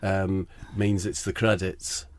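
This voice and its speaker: A man's voice: sits low, level tone, slow. A man hosting a comedy podcast, telling a rambling story full of wry asides. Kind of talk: comic storytelling chat.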